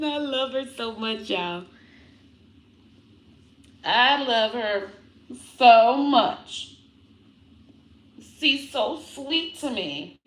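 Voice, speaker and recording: A woman vlogging casually to her viewers, animated and breaking into high baby talk with her dog. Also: extremely slow, pauses often, roomy sound. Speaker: comedian vlogger talking about her puppy.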